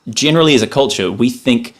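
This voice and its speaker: A man's voice: mid-range voice, quick pace. A man from New Zealand, a podcast guest talking casually and expressively, swearing freely. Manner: animated and expressive, swears freely, talks in long run-on stretches. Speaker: podcast guest, filmmaker and musician. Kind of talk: casual chat.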